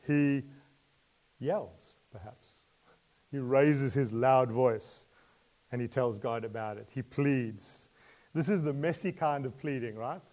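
A man delivers a sermon slowly in a medium-pitched voice. He poses questions to his listeners, chuckles softly between points, and shifts from quiet asides to loud, emotional appeals.

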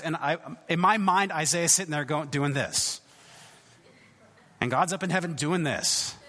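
A man preaching in a loose, conversational way, stumbling over restarts and playing out the voices in his story. His pitch sits a little high and swings widely. The sound trails off into a long hall reverb. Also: animated, moderate pace, long pauses, sharp tone. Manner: conversational, hesitant restarts, acts out quoted voices. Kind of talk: sermon.

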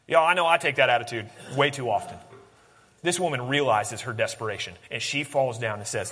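A man preaching a sermon, swinging from animated emphasis to hushed, intense lines. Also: medium pitch, a little fast, big-room sound. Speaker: pastor.

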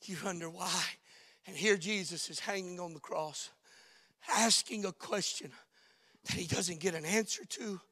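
A male preacher with a very high, gravelly voice and a bright, forceful edge. He preaches in surges, shouting one moment and dropping to a hushed near-whisper the next. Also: measured pace, big-room sound. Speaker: pastor. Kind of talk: sermon.

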